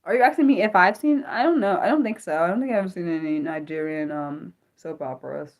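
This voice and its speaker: An American woman chats through a casual livestream in a lively voice that swings high and low. She talks excitably, breaks off her sentences to start again, and blurts out exclamations and the odd curse. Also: normal speed. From United States. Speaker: livestream host. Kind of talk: unscripted livestream chat reading viewer comments.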